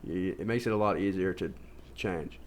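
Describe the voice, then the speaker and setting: Rambling low-voiced man, filler-heavy. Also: normal speed. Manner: rambling, many fillers and restarts; informal, says "like" constantly. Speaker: video host. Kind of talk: casual self-help monologue.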